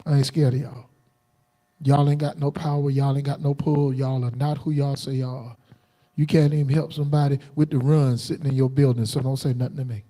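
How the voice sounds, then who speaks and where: A man preaching a combative, defiant sermon on a livestream, jumping into sudden high outbursts. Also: little pitch movement, fairly quick, dark tone. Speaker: preacher streaming live.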